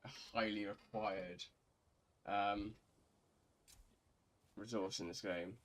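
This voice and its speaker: A young man from England talks in a low-pitched voice. He is a bit tipsy and rambles casually through his gaming commentary. He swears freely and often restarts himself. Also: steady tone, slow pace. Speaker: gaming streamer.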